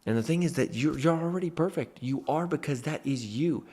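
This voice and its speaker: A man's voice: fairly high pitch, brisk, mellow, slightly rough. A man in a motivational talk to camera, a mentor who speaks emphatically and stresses his points with "freaking".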